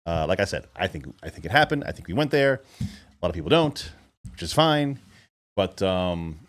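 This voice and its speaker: Deep-voiced man musing between clips. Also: sing-song, normal speed. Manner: hesitant, many fillers and restarts. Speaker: reaction channel host. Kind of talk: casual commentary on a played clip.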